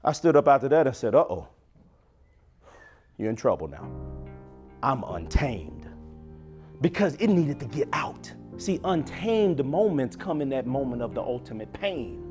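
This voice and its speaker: A young man giving a motivational keynote on a conference stage, swinging from loud to near-whisper with a preacher-like cadence. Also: mid-range voice, big pitch swings, moderate pace, music in the background. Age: young adult. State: choked up and crying at times. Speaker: motivational speaker.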